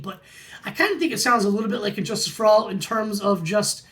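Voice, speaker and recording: Gravelly, enthusiastic record-collector host. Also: mid-range voice, a bit bright. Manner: enthusiastic, repeats praise words. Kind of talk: casual album review vlog.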